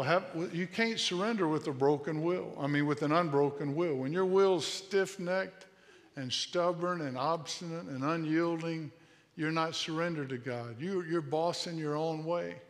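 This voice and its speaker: A man in his late fifties preaches with an earnest, insistent delivery, circling back to the same phrases again and again and sometimes restarting mid-word. His voice sits a little high for a man. It carries a long tail of reverb from a church sanctuary. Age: 50s. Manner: earnest, repetitive exhortation with restarts. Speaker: pastor. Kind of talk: sermon.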